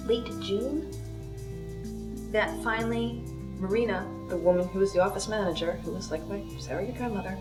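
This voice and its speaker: Woman, birth mother, reflective storytelling, distant echoey mic, clear music bed. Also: mid-range voice. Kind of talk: documentary interview.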